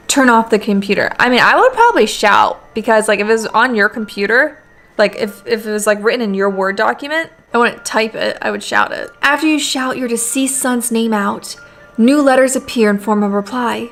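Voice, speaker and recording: Young woman gaming host, sarcastic and chatty, higher voice, faint music behind. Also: normal speed. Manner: sarcastic, chatty, swears casually. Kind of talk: let's play commentary.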